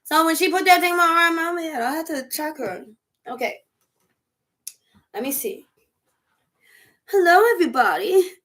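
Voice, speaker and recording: A woman chatting casually over dinner as a vlog host, animated, laughing often and riffing through asides. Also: very high voice, normal speed, pauses often. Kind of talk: casual chat while eating dinner.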